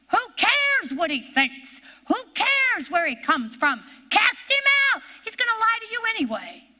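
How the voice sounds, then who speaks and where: Emphatic high-voiced preacher woman from Ohio. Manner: emphatic, swings from loud commands to low hushed tones. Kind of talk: sermon.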